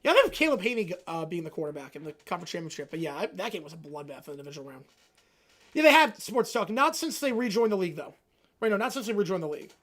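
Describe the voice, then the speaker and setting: Stream host, male, casual reaction chatter, very animated pitch, jumps from shouting rants to mumbled asides. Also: racing. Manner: excitable, answers chat questions, swings from loud rants to low mumbles. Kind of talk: casual live reaction chat.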